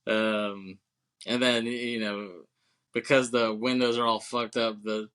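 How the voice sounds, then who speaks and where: A man's voice: mid-range voice, level tone, a little slow, fairly bright tone, smooth. A man co-hosting a casual movie podcast, laughing often, swearing and acting out scenes as he recaps. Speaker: podcast co-host.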